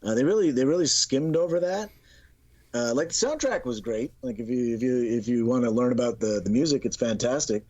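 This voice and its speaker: A man reviews a film on a podcast in a rambling way, restarting his sentences often. His voice sits at an ordinary middle pitch. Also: fairly quick, mellow, highs cut off. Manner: rambling, many fillers and restarts. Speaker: podcast co-host. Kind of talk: casual movie review chat.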